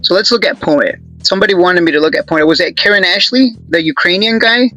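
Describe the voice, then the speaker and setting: Bright high-voiced man rambling about charts. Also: quick pace, soft background music, rough recording. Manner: rambling and joking, many restarts. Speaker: stock chart analyst, channel host. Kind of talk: casual market commentary.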